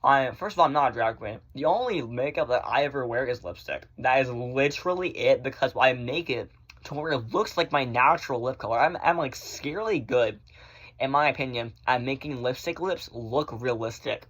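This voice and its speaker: A man's voice: mid-range voice, expressive, fairly quick, a bit bright, husky. A man vents in a blunt, sassy rant, recorded on his phone at home. His speech is loose and full of filler words, with casual swearing woven through it. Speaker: vlogger.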